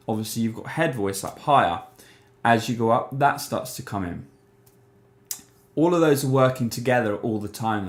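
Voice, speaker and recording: A man giving a casual voice lesson, explaining resonance and singing short syllables to demonstrate. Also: lowish voice. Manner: demonstrates vocal sounds on syllables like "ma" and "mum"; relaxed, conversational explaining. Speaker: singing teacher. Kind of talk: voice lesson to camera.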